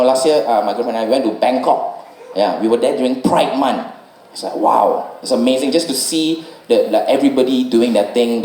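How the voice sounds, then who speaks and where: A man's voice: medium pitch, darkish tone. A young Singaporean man performing stand-up, conversational and tagging his lines with "right?". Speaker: stand-up comedian. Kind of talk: stand-up comedy set. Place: comedy venue with a live audience. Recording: echoey live room from a distance, audience noise.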